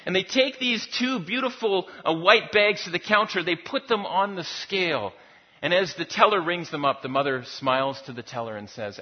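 A man's voice: high-pitched, expressive, normal speed. A man preaching a sermon in a conversational, storytelling manner, often repeating words as he goes. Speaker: pastor. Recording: dull lo-fi recording.

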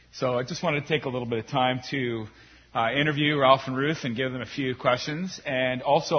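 A man's voice: medium pitch, husky. A man hosting an interview at a church service, casual and joking, with lots of fillers. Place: church in metro Vancouver. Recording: dull lo-fi sound.

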